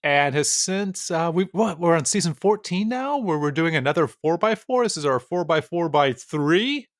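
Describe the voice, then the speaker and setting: A man's voice: on the high side, expressive, normal speed, no echo, clean studio sound. A man cohosting a film podcast, chatting casually in a rambling, self-deprecating way. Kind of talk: casual chat.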